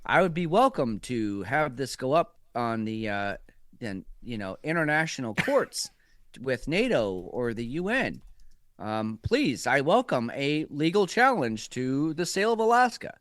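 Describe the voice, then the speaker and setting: A man doing an impression of a measured, lawyerly president speaking in a lowered, halting voice. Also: very animated, a bit bright, dry recording, studio quality.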